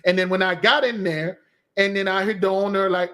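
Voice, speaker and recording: A man hosting a spiritual channel, telling rambling personal stories in a casual, animated way and answering viewer questions, often restarting sentences and jumping up in pitch to quote women. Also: a little fast, clear, resonant tone. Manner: jumps to a higher voice when quoting women. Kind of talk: casual storytelling and Q&A stream.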